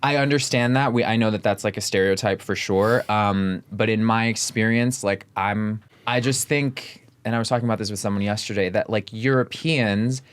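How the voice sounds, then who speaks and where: Low smooth-voiced man telling stories. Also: moderate pace, few pauses. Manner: chatty storytelling, fills nearly every phrase with "like"; animated, talks emphatically. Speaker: podcast guest. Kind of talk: casual chat.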